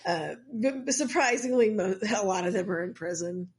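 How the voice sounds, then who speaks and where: Woman podcast co-host, mid-pitched everyday voice, jokey and chatty. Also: expressive, moderate pace. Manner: chatty, jokey, talks over her co-host. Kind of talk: casual chat recapping a TV episode.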